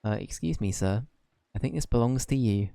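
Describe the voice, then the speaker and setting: A man's voice: mid-range voice, animated, moderate pace, gravelly, mellow. A man reading the lines of an earnest, polite young boy hero.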